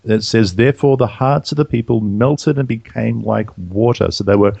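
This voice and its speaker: Gravelly man reading scripture aloud. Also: mid-range voice, darkish tone, dry recording, lo-fi sound. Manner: reads verses aloud slowly, then asks questions. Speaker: Bible study co-host. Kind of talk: conversational scripture reading and discussion.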